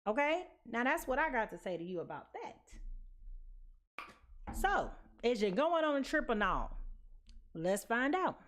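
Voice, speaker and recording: A woman's voice: on the high side, sing-song, a little slow, long pauses, fairly bright tone, a little hiss or hum. A sleepy woman giving a casual tarot card reading, chatty and sassy, tossing in slang and pet names. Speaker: tarot reader.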